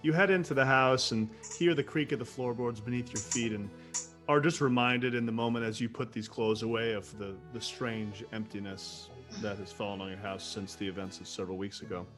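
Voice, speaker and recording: Relaxed male game master. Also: mid-range voice, fairly quick, over music. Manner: relaxed, fond of laughing. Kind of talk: narrating a tabletop game.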